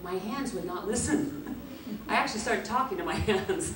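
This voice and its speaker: A woman guest at a convention Q&A, telling a lively anecdote, acting out the quotes and laughing often. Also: fairly low pitch, brisk, few pauses, a crowd in the background. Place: large echoey convention hall. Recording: echoey hall, distant mic, background noise.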